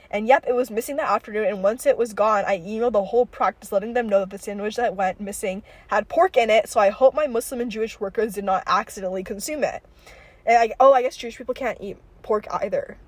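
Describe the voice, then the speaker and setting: A woman's voice: on the high side, darkish tone, dry recording. A young woman hosting a podcast, telling a story in a rambling, profane way, full of fillers. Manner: rambling, profane, filler-heavy with frequent likes. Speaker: podcast host. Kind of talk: casual storytelling chat.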